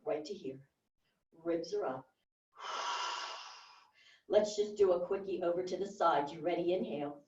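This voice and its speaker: A woman's voice: fairly low pitch, a little fast, dark tone. A woman leading a workout class, giving short, encouraging movement cues and counts. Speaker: fitness instructor. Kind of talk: guided workout cueing. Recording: roomy, distant and dull.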